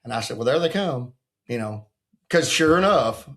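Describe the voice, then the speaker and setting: A man's voice: medium pitch, expressive, moderate pace, fairly bright tone. A man in his sixties, a retired football coach, telling a story in a casual chat and acting out what other people said in a folksy way. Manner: folksy, acts out the quotes of others.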